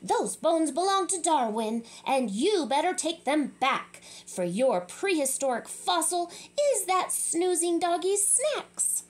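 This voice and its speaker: A woman's voice: very high voice, sing-song, slow pace, few pauses, voice pushed up, exaggerated voice. A woman voicing a bossy mother cat who firmly scolds her kitten son. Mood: scolding. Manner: firm, scolding.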